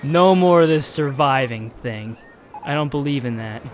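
A man with an expressive, mid-range voice talks at normal speed over slight background noise while streaming a park-building game. His casual play-by-play swings from chatty narration to exasperated outbursts.

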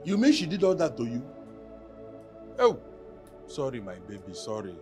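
An actor with a Nigerian accent playing a boastful, philandering husband known as Chief, mocking and blustering. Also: male voice, high-pitched, very animated, moderate pace. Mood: soothing. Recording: distant mic with faint film music.

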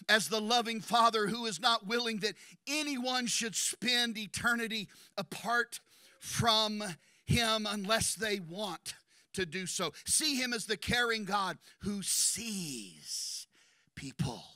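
A man preaching a sermon in a church, impassioned and building to shouts, racing through some phrases and slowing on others for emphasis. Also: sits high, no room sound, clean studio sound. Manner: impassioned, rising to shouts at climaxes; rapid bursts of speech between slower emphatic phrases. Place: church sanctuary.

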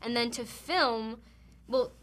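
A woman's voice: a little high, takes it slowly. A woman actress being interviewed, chatting casually and telling stories with animation. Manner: animated storytelling. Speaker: actress guest.

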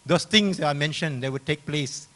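Male pastor, slightly high voice, sermon delivery that swings between loud scripture reading and quiet explanation. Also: normal speed. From Malaysia. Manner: preaching with loud, rising emphasis when reading scripture, dropping low when explaining. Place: church.

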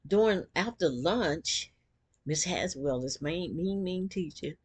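Low, husky woman telling a story. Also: slow. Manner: animated storyteller who acts out quotes. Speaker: vlogger. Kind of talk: personal storytelling to camera.

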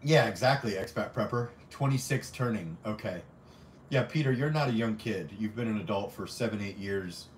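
A man's voice: lowish voice, normal speed, distant mic. A young adult man hosting a casual livestream, teasing his viewers as he reads their comments in a profane, jokey way. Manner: profane, teasing, jokey banter with frequent laughter. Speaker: livestream host. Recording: roomy echo, off-mic, faint background hum.

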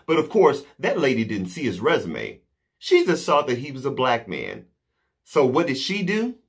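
A man delivering an impassioned, indignant monologue to camera, slow and emphatic with pauses. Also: medium pitch, huge pitch swings, breathy edge. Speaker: vlogger.

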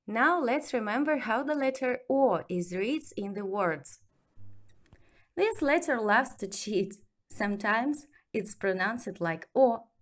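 A woman leads a reading lesson at a very unhurried pace and lets each word stand on its own. Her pitch moves a lot from word to word, which gives even simple drills a bright, animated lilt. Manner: lively, clearly enunciated word drills. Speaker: Russian language teacher. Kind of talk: slow, deliberate reading lesson.

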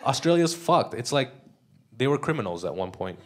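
A man's voice: mid-range voice, very animated, moderate pace. A young Canadian man doing a live stand-up set, crude and loose, often laughing at his own jokes. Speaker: stand-up comedian. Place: comedy club stage. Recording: live club crowd audible. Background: audience laughter.

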